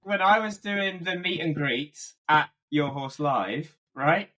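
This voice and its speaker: A young man with a Yorkshire accent, co-hosting a casual podcast and telling stories with lively quoted asides. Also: fairly high pitch, slow pace. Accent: Yorkshire English. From Yorkshire, England. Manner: animated storytelling with quoted asides. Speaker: podcast co-host. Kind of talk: casual chat.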